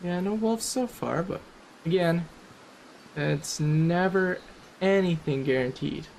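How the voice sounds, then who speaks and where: A man talks through a survival game in a relaxed, rambling way, joking at his own expense. His voice sits a bit high for a man, with a faint hiss of noise behind it. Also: takes it slowly, gravelly. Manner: chatty, self-deprecating, rambling. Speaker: game commentator. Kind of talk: casual gameplay commentary.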